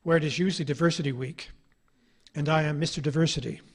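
A man's voice: fairly high pitch, steady tone, fast, husky. A middle-aged man, an author giving an anecdotal public lecture, telling his stories with a wry, ironic edge.

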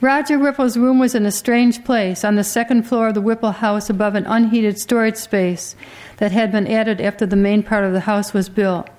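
A woman reading a literary story aloud as an audiobook narrator, in a measured, quietly dramatic way. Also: medium pitch, fairly even intonation.

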